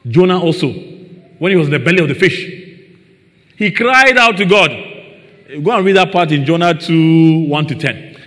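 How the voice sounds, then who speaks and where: A man delivers a sermon to a congregation in a church hall, reading from scripture and punctuating points with "Praise the Lord" and questions aimed at the audience. His voice is a little high and brisk, carried by the hall's long reverb.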